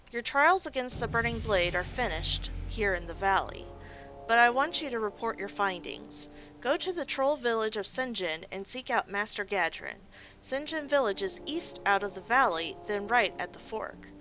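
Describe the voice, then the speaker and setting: A woman's voice: a little high, expressive, normal speed, bright, forceful tone, faint music behind, voice pushed up, rough recording. A woman voicing a stern orc woman who gives orders and fears a coming threat. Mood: ominous. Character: grave orc woman giving orders, foreboding.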